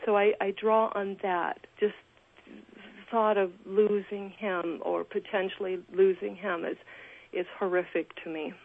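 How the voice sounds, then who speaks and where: A woman's voice: mid-range voice, level tone, unhurried. An actress being interviewed over the phone, gushing and restarting her sentences often. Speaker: actress guest. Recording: tinny phone line.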